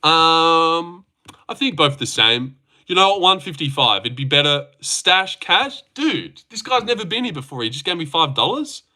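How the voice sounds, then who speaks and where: A man's voice: very animated, normal speed, sharp tone. A young man from Australia, hosting a live chat about fights, teasing viewers and swearing freely. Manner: teasing, swears freely, jumps up in pitch when mocking. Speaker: livestream host reading chat.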